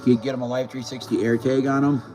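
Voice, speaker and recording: A man vlogs casually to camera in a rambling style, stumbling, swearing and repeating words. He speaks fast at a medium pitch with little variation and a slightly mellow tone. Faint music plays, and the recording is low quality.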